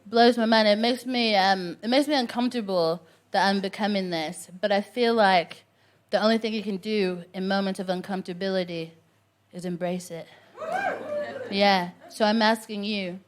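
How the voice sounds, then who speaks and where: A woman hosting a stand-up show, doing animated crowd work with plenty of laughter. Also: mid-range voice, normal speed. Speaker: comedy host. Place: comedy club stage.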